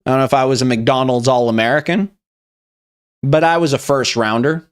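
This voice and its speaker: A man's voice: mid-range voice, fairly even intonation, fairly quick, clear, resonant tone. A young man hosting a meme review, talking in a casual, rambling, profane way. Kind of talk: casual commentary.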